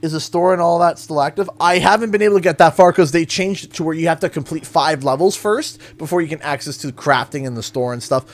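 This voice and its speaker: Speaking fast with few pauses, this man from Canada has a voice on the high side. He chats casually during a video game livestream, getting exaggerated and sing-song in a playful way whenever he gripes.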